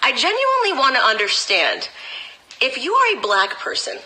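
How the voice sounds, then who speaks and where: A woman's voice: sits high, wildly swooping pitch, moderate pace, bright, forceful tone, poor audio. A woman political commentator talking straight to camera in a sarcastic, emphatic rant.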